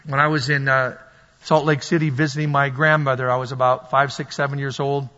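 A man's voice: medium pitch, little pitch movement, fairly quick, bright, forceful tone. A man preaching a sermon with passion, repeating his points and acting out the voices of the people he describes. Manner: impassioned, repetitive preaching, acts out quoted voices. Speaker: pastor. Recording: dull lo-fi sound with long hall reverb.

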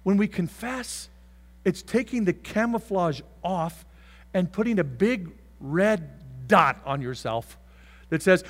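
A man preaching a sermon as pastor, swinging from loud shouts to soft whispers and acting out voices. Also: high voice, expressive, takes it slowly.

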